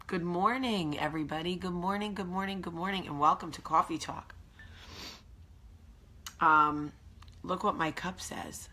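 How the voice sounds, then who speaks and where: Low-voiced, bright New Jersey woman. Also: measured pace, pauses often, a little hiss or hum. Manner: chatty, emphatic, confessional. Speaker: host. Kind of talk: casual morning vlog chat. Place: at home.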